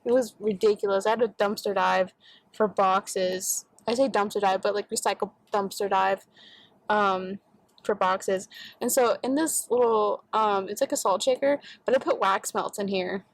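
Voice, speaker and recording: This Texan vlogger chats from her car at a moderate pace in a steady, mid-range voice, rambling, cursing freely and using many fillers. The recording is dry and rough, picked up by a phone camera placed nearby as she moves in and around the car, partly outdoors.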